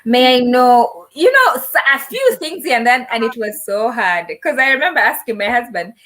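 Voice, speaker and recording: This is a young woman from Africa, a guest sharing funny stories in a relaxed chat. Her voice sits a little high and moves with a lot of animation. She acts out the dialogue in her stories as she goes. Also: normal speed. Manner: animated storytelling, acting out quoted dialogue. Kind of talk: casual interview chat.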